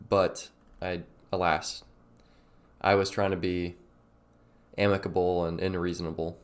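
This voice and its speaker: A man's voice: low voice, unhurried, pauses often. A man co-hosting a podcast, reacting casually with short replies and laughs while talking about a game. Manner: laid-back listener, short reactions and laughs. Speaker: podcast co-host.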